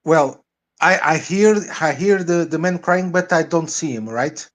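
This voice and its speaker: A man playing a tabletop game, halting with many restarts as he declares his character's actions. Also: on the high side. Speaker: player.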